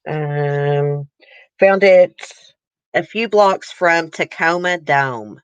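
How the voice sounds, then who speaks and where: This woman speaks very slowly in a low, clear, resonant voice with no echo. Hosting a casual reaction to news clips, she's emotional and chatty, addressing her viewers directly.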